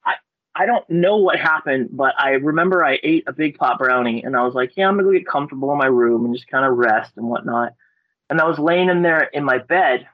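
A man from Alaska, a guest on a podcast, telling a story in a rambling, excitable way, swearing and restarting his words. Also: mid-range voice, dry recording. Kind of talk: casual storytelling. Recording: dry, dull lo-fi audio.

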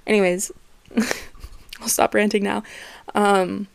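Young female podcast host, frank and swearing, gravelly voice, dry close-miked. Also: mid-range voice, steady tone, moderate pace, darkish tone, no room sound. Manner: candid, swears freely, laughs often. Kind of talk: casual solo podcast chat.

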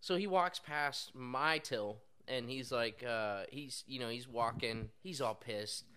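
A young man telling an animated, profane story as a podcast co-host. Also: mid-range voice, slow pace, clean tone. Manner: animated, swears, plays up quotes for laughs. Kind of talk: casual storytelling chat.

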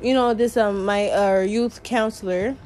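A young woman talks straight to her podcast listeners in a loose, rambling monologue. Her voice sits at an ordinary middle pitch, and she peppers her talk with swearing and frequent laughter. Soft music plays faintly in the background. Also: steady tone, a little slow. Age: young adult. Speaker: podcast host. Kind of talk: casual monologue.

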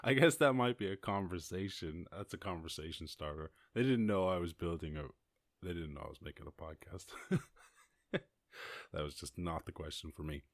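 A young Irish man chats alone on his podcast, wandering from thought to thought, cursing and laughing as he goes. His voice sits fairly low, and the sound is dry and close, with no room around it. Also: moderate pace, no echo. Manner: rambling, swears freely, laughs often. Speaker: podcast host. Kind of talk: casual solo podcast chat.

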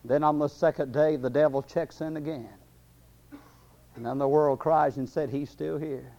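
Preacher guy in a sermon, fairly high voice, dull lo-fi sound. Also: fairly even intonation, normal speed, warm tone. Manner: impassioned preaching with many fillers. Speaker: pastor. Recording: dull lo-fi recording.

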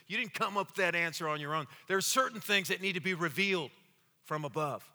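A man preaching a sermon as pastor, swinging between loud, fiery exclamations and hushed, slow passages, often repeating words and acting out quotes. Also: sits high, animated. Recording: long hall reverb.

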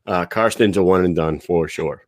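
A laid-back man co-hosting a casual chat, his voice sitting fairly low. He chuckles easily and stumbles over repeated words as he talks, recorded close and dry with no room sound. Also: moderate pace, no echo. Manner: laid-back, laughing, stammering restarts. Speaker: podcast co-host.

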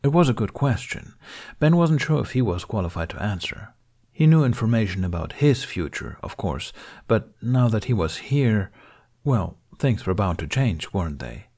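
Man reading fiction, lowish voice, steady measured narration. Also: husky. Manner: measured, even storytelling. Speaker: reader. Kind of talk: scripted fan fiction narration.

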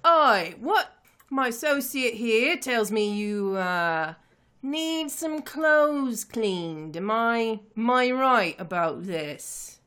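A woman voicing a shabby, scheming male crime boss who speaks smoothly and with false politeness. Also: on the high side, animated, extremely slow, fairly bright tone, exaggerated voice. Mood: wary.

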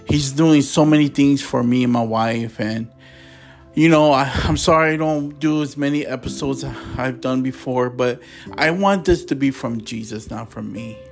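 A man's voice: mid-range voice, moderate pace, soft background music. A man hosting a preaching podcast, speaking with passion and stumbling a little when he reads scripture aloud.

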